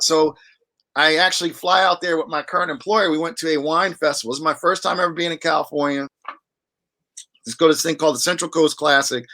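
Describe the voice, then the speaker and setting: Bright-voiced man rambling about his past. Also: fairly high pitch. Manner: rambling, many restarts and fillers. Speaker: wine auctioneer and guest. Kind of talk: casual interview chat.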